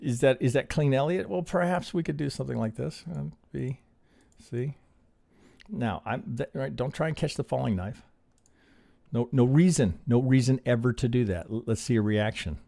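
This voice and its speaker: A man's voice: mid-range voice, moderate pace, creaky, warm tone, dry recording, clean studio sound. A man teaching on a live stream as he reviews trading charts, thinking aloud and checking in with a constant "right?". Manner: peppers talk with rhetorical questions and "right?".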